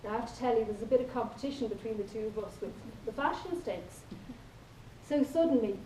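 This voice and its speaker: A woman's voice: on the high side, lively intonation, fast talker, mellow, slight background noise. A woman with an Irish accent giving a humorous contest speech, telling playful stories and acting out quoted lines. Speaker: contest speaker. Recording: echoey hall from far off.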